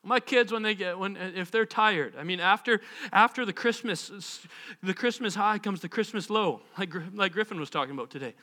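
A man's voice: high voice, normal speed, bright, forceful tone. A man in his thirties preaching a sermon, a pastor who acts out the voices of the people in his stories.

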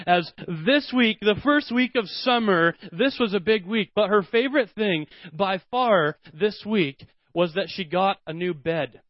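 A man in his thirties delivers a sermon with a notably high voice, drifting into playful family anecdotes and putting on his children's excited voices. The recording is dry and close, with a slightly dull, lo-fi tone. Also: a little slow, hardly any pauses, no echo. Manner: animated storytelling, acts out his kids' voices. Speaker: pastor.

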